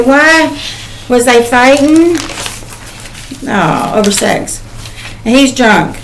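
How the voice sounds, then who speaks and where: Older woman, higher-pitched voice, psychic channeler, rambling emotional reading, lots of ums. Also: creaky, slight background noise, rough recording. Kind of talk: casual spoken channeling reading.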